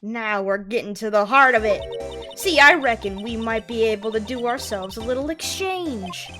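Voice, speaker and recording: A woman's voice: fairly high pitch, animated, moderate pace, over music, lightly acted. A woman voicing a brash young southern woman photographer with a put-on Southern accent, drawling and folksy while reading game dialogue. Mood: wheedling. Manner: drawling, folksy, wheeling-dealing. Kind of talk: reading a game's dialogue aloud.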